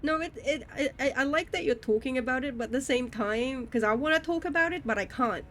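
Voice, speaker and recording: A woman's voice: sits high, brisk, a bit bright, slight background noise. A young woman with an English accent, streaming live and chatting casually, full of "like" and restarts. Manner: chatty, many fillers and restarts, frequent laughs.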